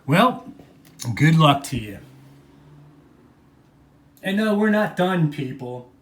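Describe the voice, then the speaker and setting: A man's voice: a little high, animated, slow. A man delivering an angry, profane vlog monologue, mocking people and repeating phrases for emphasis. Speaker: video blogger.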